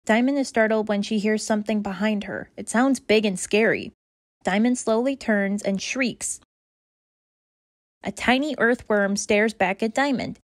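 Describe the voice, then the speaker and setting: A woman reading aloud children's stories in a bright, expressive, rhythmic way. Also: medium pitch, unhurried, no echo, studio quality. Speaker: children's story reader. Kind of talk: read-aloud storytelling.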